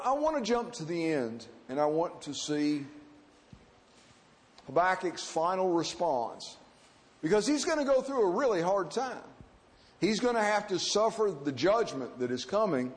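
A pastor preaching a sermon in an earnest, halting way with frequent fillers. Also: male voice, high voice, long reverb tail.

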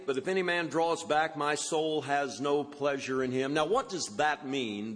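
Male preacher, slightly high voice, expository sermon in a reverberant hall. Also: moderate pace, few pauses. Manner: expository, quotes scripture with rising emphasis.

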